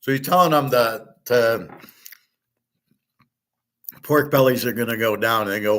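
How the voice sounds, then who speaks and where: A man's voice: medium pitch, normal speed, fairly bright tone. A middle-aged man hosting a show, talking in a blunt, rambling, casual way and swearing now and then. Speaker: show host.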